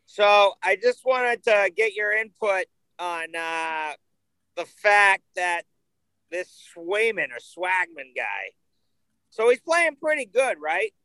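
A man's voice: high voice, very animated, slow pace, bright, forceful tone, smooth, dry recording, rough recording. A man, co-hosting a casual sports talk show in a joking, teasing way. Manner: joking, teasing, mock call-in. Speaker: podcast co-host.

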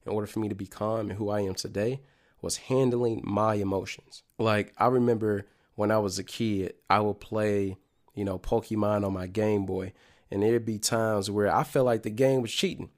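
A man telling a personal childhood story to viewers in a casual, slangy, animated way, drawing a life lesson from it. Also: lowish voice, moderate pace. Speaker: motivational speaker.

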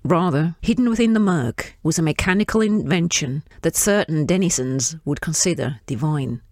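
A woman reading her own fiction aloud in a measured, descriptive way. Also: low-pitched, expressive, darkish tone, dry recording, clean studio sound.

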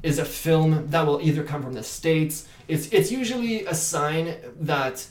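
A man from Canada whose first language is French, chatting as an actor in an interview, animated and full of restarts. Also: fairly high pitch, measured pace. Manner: animated, many restarts and fillers. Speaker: actor and podcast guest. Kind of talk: casual interview chat. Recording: echoey room.

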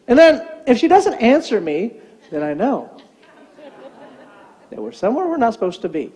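A man's voice: very high voice, fairly quick, long pauses, big-room sound, some chatter behind. An older man, a pastor, preaching a sermon and acting out quotes as he tells a story. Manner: animated storytelling, acts out quotes.

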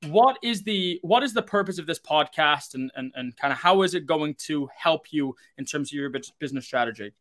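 A man's voice: a little high, fairly quick, hardly any pauses. A man hosting a live podcast, talking energetically with plenty of fillers. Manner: energetic, talkative, many fillers. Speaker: podcast host.

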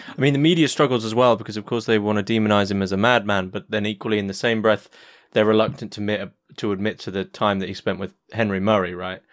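Low-voiced guy hosting a podcast, asks stuff casually, bit tentative. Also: fairly even intonation, fast talker, hardly any pauses. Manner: tentative, informal questions. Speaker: podcast host. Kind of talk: casual interview chat.

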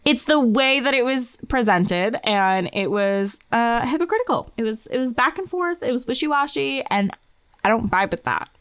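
A woman's voice: fairly high pitch, expressive, moderate pace, a bit bright, clean tone. A woman co-hosting a podcast, talking bluntly and with exasperation in casual chat. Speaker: podcast co-host.

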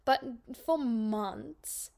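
A woman's voice: a little high, vocal fry, a little mellow. A woman hosting a podcast, playful and giggly in casual chat. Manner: playful, giggly, drawn-out words. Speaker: podcast host.

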